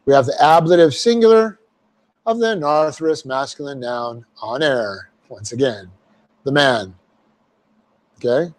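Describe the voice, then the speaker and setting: A man's voice: mid-range voice, a little slow, pauses often. A man teaching a verse-by-verse Bible class, explaining Greek grammar step by step with folksy asides. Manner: folksy asides, repeats phrases for emphasis.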